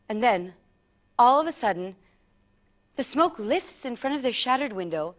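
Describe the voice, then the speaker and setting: A woman performing a comic story in a theatrical, animated way, with laughing asides. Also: on the high side, normal speed, long pauses.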